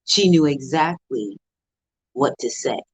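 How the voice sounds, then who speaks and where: Speaking slowly and expressively, this middle-aged motivational speaker has a low voice with a breathy edge. Her earnest live-stream talk follows a preacher's rhythm of repeated phrases, captured with no echo but poor audio quality.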